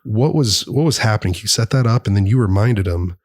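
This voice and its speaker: Low-voiced podcast host asking questions. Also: male voice, a little fast, dry recording, studio quality. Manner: searching, restarts questions. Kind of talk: casual interview.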